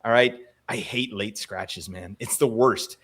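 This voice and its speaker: A man co-hosting a fantasy hockey podcast, chatting casually in an animated, joking, rambling way. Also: lowish voice, unhurried, breathy edge. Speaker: co-host.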